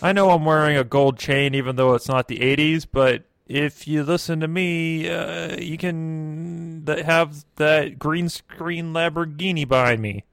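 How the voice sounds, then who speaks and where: A man putting on a greasy, slick male seminar salesman pitching easy riches, slightly higher and louder than his usual voice. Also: fairly even intonation, unhurried, gravelly, hardly any pauses, smooth, no echo. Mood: salesy.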